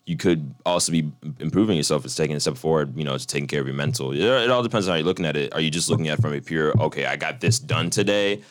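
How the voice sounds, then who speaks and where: Young man, very deep voice, quick relaxed talk, co-host. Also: no echo, studio quality. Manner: relaxed, encouraging, swears casually. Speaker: podcast co-host. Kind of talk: casual chat.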